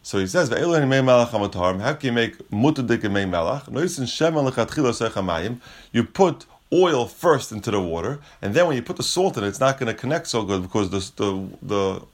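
A man teaching a Talmud lesson, reading Aramaic lines and explaining them casually in English. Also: mid-range voice. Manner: casual, restates points, frequent restarts.

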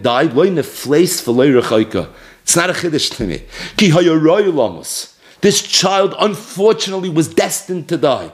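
A man giving an animated Torah lecture on rabbinic responsa, telling the story with chuckles. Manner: animated storytelling with chuckles, lively pitch swings. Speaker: Torah teacher.

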